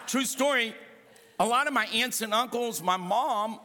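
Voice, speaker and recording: A man's voice: very high voice, measured pace, a little hiss or hum. A male pastor preaching a sermon, telling funny stories with asides to the congregation. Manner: animated, humorous storytelling with asides to the congregation. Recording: reverberant hall.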